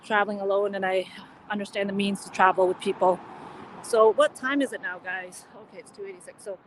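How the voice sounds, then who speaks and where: A woman's voice: mid-range voice, steady tone, brisk, a little hiss or hum. A woman born in Laos whose first language is Lao, chatting casually as she live-streams on a phone while walking outdoors and answering her viewers. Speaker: live-streaming travel vlogger. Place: outdoors on city streets.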